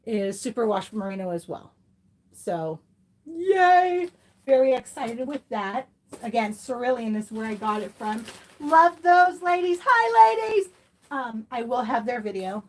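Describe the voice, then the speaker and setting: Gushing woman chatting about yarn. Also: fairly high pitch. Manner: gushing and chatty, with fillers and asides. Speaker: fiber crafts vlogger. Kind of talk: casual yarn haul chat.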